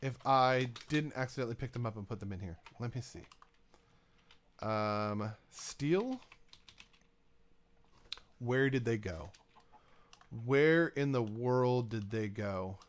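Male let's-play host, mid-pitched, talks to himself while building, keyboard clicks behind. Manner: talks to himself and game items, rambling. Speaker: gaming YouTuber. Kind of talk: casual let's-play commentary.

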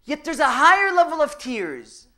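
A man giving a religious lecture, firing rhetorical questions at the audience and swinging between loud emphasis and hushed asides. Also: very high voice, very animated, moderate pace. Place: mosque or Islamic center hall.

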